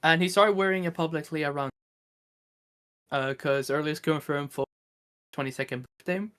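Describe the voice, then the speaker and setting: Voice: medium pitch, moderate pace, a bit bright, clean tone, dry recording, clean studio sound. Swedish-accented guest rambling through lore. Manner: rambling, laughs, swears casually. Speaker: streamer guest. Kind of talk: casual livestream chat, telling lore. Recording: microphone cutting in and out.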